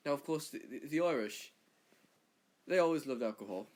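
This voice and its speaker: A man's voice: medium pitch, animated, normal speed, a little mellow, lightly acted. A man doing a put-on English accent, playing a smug Englishman who rambles and repeats himself. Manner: hesitant, rambling, repeats words. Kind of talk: comedic accent impression.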